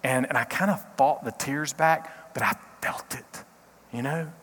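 A middle-aged man, a pastor, giving a short devotional talk in an earnest, halting way, often repeating words. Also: mid-range voice, fairly bright tone, in a large hall.

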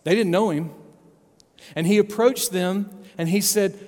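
A man preaching a children's sermon, telling a story in a playful, animated way and often checking in with his listeners. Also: sits high, a little slow, in a large hall.

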